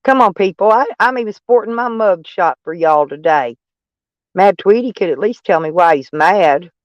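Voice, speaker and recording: A man's voice: high-pitched, expressive, normal speed, dry recording, muffled recording. A man from Arkansas with a Southern accent hosting a casual live stream, rambling and joking at his own expense while reading viewer comments. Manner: rambling, joking and self-mocking, breaks into laughs.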